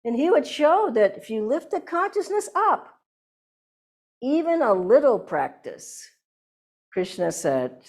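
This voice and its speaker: An older woman giving an inspirational satsang talk as a spiritual teacher, telling anecdotes in a lively way and laughing often. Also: high voice, takes it slowly, long pauses.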